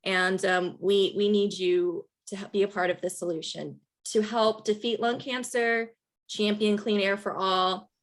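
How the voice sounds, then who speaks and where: A woman's voice: medium pitch, steady tone, unhurried. A woman hosting a virtual rally on a video call, upbeat and encouraging, with many fillers. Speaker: event host and organizer.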